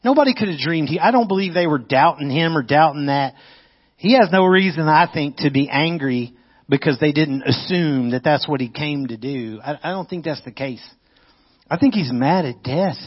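A man preaching a sermon, swinging between loud excitement and hushed, intense moments. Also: on the high side, normal speed, breathy edge. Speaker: pastor. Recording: muffled lo-fi audio.

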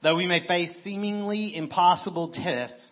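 A man's voice: high voice, steady tone, normal speed, dull audio. A man preaching a sermon in a church on a microphone, talking in a conversational way with playful storytelling asides. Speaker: pastor. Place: church sanctuary. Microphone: handheld microphone.

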